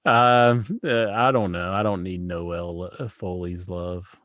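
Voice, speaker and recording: Male co-host, lower voice, laid-back casual chat, dry close mic. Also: flat delivery, a little slow, a bit bright, dry recording. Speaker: podcast co-host. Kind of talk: casual wrestling podcast chat.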